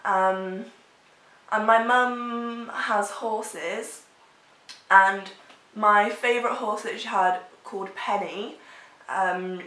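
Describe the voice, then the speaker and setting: A woman's voice: mid-range voice, bright, forceful tone. Woman, young adult, vlogger, chatty and rambly, casual chat, roomy echo. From England. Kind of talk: casual chat answering tag questions.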